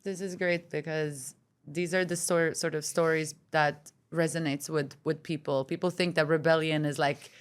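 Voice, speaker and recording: A woman's voice: low-pitched, steady tone, normal speed, clear, resonant tone. A woman hosting a podcast interview, chatty and affirming, reflecting the guest's story back to her. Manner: warm, affirming, chatty with lots of backchannel. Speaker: podcast host. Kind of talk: casual interview.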